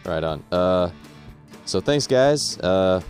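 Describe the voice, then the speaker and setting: A man's voice: sits low, expressive, slow, a little mellow, faint music behind. A laid-back man co-hosting a podcast, chatting casually and reacting to stories. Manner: laid-back, easygoing, laughs along. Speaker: podcast host.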